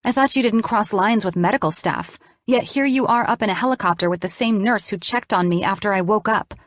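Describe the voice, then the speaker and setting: A woman reading the lines of a jealous young woman who accuses her lover, sharp and cold. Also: mid-range voice, fairly quick, dry recording, clean studio sound, close to an everyday voice. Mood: accusing.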